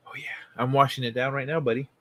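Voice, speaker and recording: A man's voice: medium pitch, fairly bright tone. A man from Central America hosting a livestream, chatting casually and laid-back with viewers, often chuckling and swearing. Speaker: livestream host.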